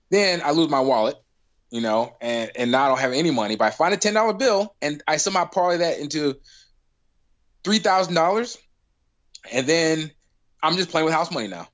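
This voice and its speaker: Rambling animated sports talker, muffled. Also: male voice, fairly high pitch. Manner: rambling, animated, spins long analogies. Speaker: podcast co-host. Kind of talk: casual sports chat. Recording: dull lo-fi sound.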